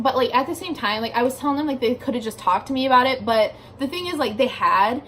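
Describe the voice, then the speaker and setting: A woman's voice: high voice, lively intonation, fast talker, hardly any pauses, a bit bright, a little hiss or hum. A young adult woman telling a story in a casual vlog from her bedroom, chatty and filling her speech with "like", swearing casually. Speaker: vlogger.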